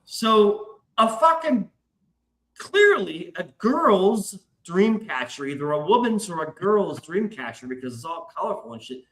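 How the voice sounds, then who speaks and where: Heard in a roomy, echoing recording, a podcast host with a high, fairly bright voice tells a story casually and with profanity. He acts out the voices in his quotes.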